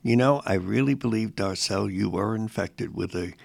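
A man hosting a faith radio show, chatting casually with a halting, warm manner. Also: fairly low pitch, gravelly, no room sound. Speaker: radio host.

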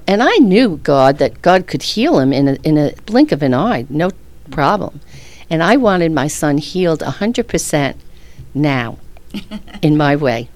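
Low-voiced woman telling a faith story. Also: a little mellow. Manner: earnest storytelling with frequent laughs. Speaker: guest. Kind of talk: personal faith testimony.

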